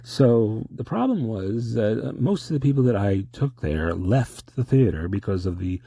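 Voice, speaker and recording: A man hosting an absurd comedy sketch, rambling and halting in a mock-formal way. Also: lowish voice, animated, creaky, mellow, breathy edge, no room sound, clean studio sound.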